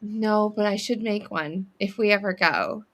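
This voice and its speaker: An enthusiastic woman talks casually as a guest. Her voice sits at an ordinary middle pitch. She is chatty and upbeat. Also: unhurried. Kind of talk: casual chat.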